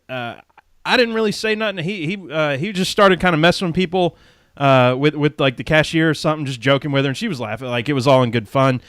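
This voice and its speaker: A man's voice: a little high, fairly bright tone, no room sound, clean studio sound. A man who hosts a podcast, telling a rambling, folksy story and laughing often. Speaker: podcast host.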